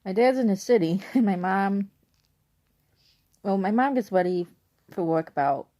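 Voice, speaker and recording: Chatting from her bedroom at night, the young woman vlogs a rambling story heavy on "like" and tangents. She speaks with a warm, medium-pitched voice at a moderate pace.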